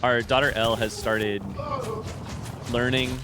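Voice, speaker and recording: A man's voice: mid-range voice, flat delivery, a little slow, noisy background. A man streaming a video game, chatting casually with his viewers and swearing when he loses. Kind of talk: casual gameplay commentary.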